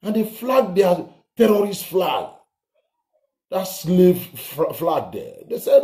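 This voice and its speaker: A man vlogging heated political commentary in a roomy, echoey space. His voice sits somewhat high but mellow in tone, and it swings widely in pitch as he rants with open scorn. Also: expressive, a little slow. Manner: scornful, ranting, swears. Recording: roomy echo.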